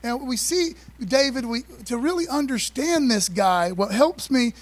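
Folksy high-voiced male preacher. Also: lively intonation, a little slow. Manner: folksy, call-and-response preaching with repeated phrases. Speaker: pastor. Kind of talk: sermon. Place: church sanctuary.

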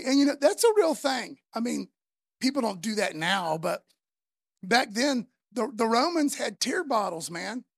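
A woman preacher giving a sermon in a chatty, animated way, acting out the voices she quotes. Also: a little high, dry recording, studio quality.

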